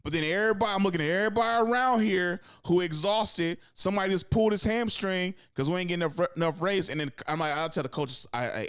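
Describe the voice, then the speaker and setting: A young man talks sports on a podcast in a smooth, clear voice. He is close to the mic in a dry room. He rambles, swears freely and jumps higher when he acts out what others said. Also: fast, hardly any pauses, fairly bright tone, no echo. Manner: rambling, profane, acts out quotes with sudden high-pitched bursts. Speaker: podcast co-host. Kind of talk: casual sports chat.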